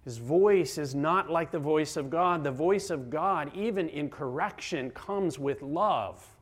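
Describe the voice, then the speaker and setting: A middle-aged man preaching a sermon as a pastor, dramatic, swinging between loud emphasis and hushed near-whispers. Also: fairly high pitch, a little slow.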